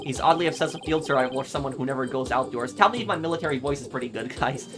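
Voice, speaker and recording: A woman's voice: very deep voice, rapid-fire. A woman giving casual let's-play commentary to her audience with chatty asides. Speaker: game streamer. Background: game music.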